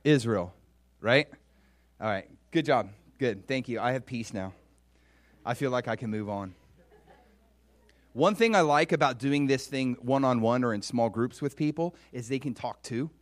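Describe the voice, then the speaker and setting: In a sermon recorded with no room sound, a male pastor speaks at normal speed in a mid-range voice, leaving long pauses. He poses questions to his listeners and waits for replies, animatedly voicing scripture as his emotion builds.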